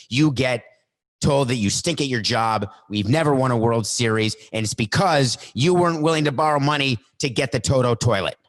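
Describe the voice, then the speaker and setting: A man hosting a solo sports podcast, talking in a worked-up, animated way and acting out little mock skits. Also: medium pitch. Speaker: podcast host. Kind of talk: solo sports talk monologue.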